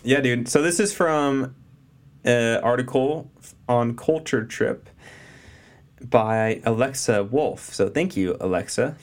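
A man's voice: medium pitch, takes it slowly. Playful young man co-hosting. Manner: playful, reads from an article. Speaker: co-host. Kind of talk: casual chat.

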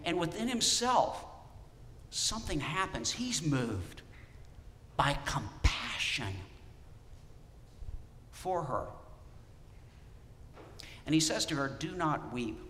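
Animated male pastor preaching in a hall. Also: fairly high pitch, slow pace, long pauses, slight background noise. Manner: animated, asks the congregation questions. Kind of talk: sermon.

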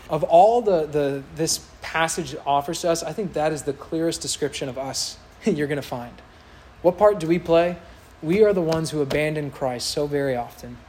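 With a slight hiss or hum in the audio, a man preaches in a conversational way, his voice a little high and darkish. He periodically mocks the voices of people he quotes.

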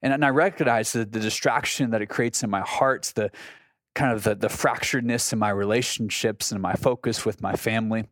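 A man's voice: fairly low pitch, steady tone, brisk, fairly bright tone, no echo, studio quality. A man in his thirties hosting a faith podcast, talking in an earnest, conversational way about family and listening, often restarting his sentences. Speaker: podcast host. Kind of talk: reflective devotional talk.

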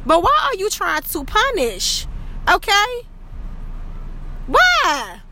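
A woman's voice: very high voice, wildly swooping pitch, slow pace, noisy background. A woman delivering a scolding monologue rant, peppered with profanity and repeated questions.

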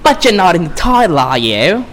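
A man's voice: sits high, big pitch swings, normal speed, a bit bright. Harley Quinn, a man putting on a crude sassy woman. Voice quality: mixed British-like accent by mistake. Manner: sassy, profane teasing. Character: brash cocky female antihero, crude. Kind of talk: comedic impression.

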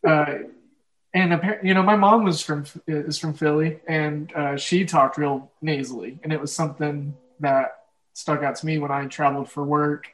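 Young man, Oklahoma drawl, slightly higher voice, loose rambling podcast talk, laughs a lot. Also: steady tone, moderate pace, rough recording. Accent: Midwestern, Oklahoma. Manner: rambling, filler-heavy, laughs often. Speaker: podcast host. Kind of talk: casual chat.

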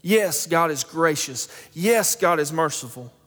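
A man's voice: a little high, expressive, a little slow, fairly bright tone. A young man, a pastor, preaching a sermon in a storytelling way that builds into emphatic preaching. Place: church sanctuary. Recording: long hall reverb.

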